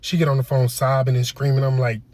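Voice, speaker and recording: Deadpan man telling a comic story. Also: medium pitch, fast, no echo. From Detroit. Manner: deadpan storytelling with voiced quotes. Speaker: comedic storyteller. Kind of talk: comedy skit monologue.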